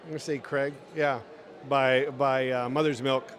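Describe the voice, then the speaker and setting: A man answering quick interview questions outdoors at an event, hesitant and fond of dry jokes. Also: mid-range voice, level tone, fairly bright tone. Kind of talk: casual on-the-spot interview.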